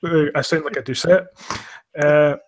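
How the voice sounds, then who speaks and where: A man's voice: fairly high pitch, moderate pace. A Scottish man from Glasgow hosting a livestream podcast, chatting casually in a blunt, sweary, mocking way. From Scotland. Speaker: podcast host.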